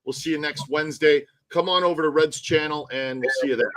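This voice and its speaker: A man's voice: fairly high pitch, steady tone, fairly quick, fairly bright tone, low-quality recording. A man hosting a live stream, ranting animatedly in casual chat and swearing often. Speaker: tour guide and live stream host.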